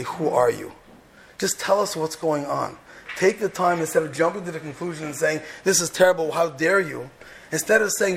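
Man, gravelly, slightly high voice; Torah teacher preaching with passion, loud questions then hushed asides. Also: a little hiss or hum. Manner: impassioned, swings from loud rhetorical questions to soft, hushed lines; peppers English with Hebrew and Yiddish terms. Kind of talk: sermon on the weekly Torah portion.

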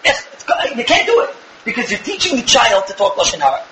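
A man with a high voice rattles through a religious lecture at a brisk clip. He hammers points with rhetorical questions. The sound is echoey, with steady background noise. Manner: emphatic, rhetorical questions, acts out dialogues. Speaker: religious teacher. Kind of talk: Torah lecture.

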